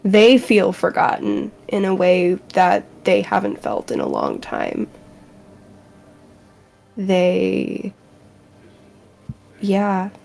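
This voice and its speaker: A woman playing a tabletop game, narrating her character's feelings in a slow, hesitant and reflective way with frequent ums. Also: mid-range voice, gravelly, dark tone. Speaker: player.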